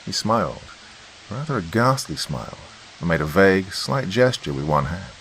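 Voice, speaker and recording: A man reading a sci-fi horror story aloud as podcast host, with measured, expressive narration. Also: deep voice, creaky, a little hiss or hum, poor audio.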